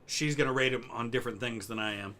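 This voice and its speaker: Bright-voiced American man, relaxed chat. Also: mid-range voice, fast talker, a little hiss or hum. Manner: relaxed, rambling, answers chat questions. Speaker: history vlogger co-hosting a live stream. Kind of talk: casual chat.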